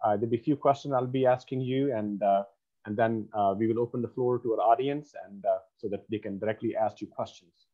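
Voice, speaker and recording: A man's voice: on the low side, fairly even intonation, fairly quick, narrow, tinny audio. A man hosting an interview over a video call, polite and hesitant, with many fillers. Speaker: program host.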